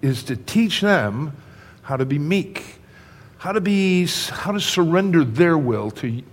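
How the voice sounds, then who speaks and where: A man's voice: on the high side, animated, unhurried, in a large hall. An older man preaching a sermon, talking conversationally and addressing his congregation directly. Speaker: pastor.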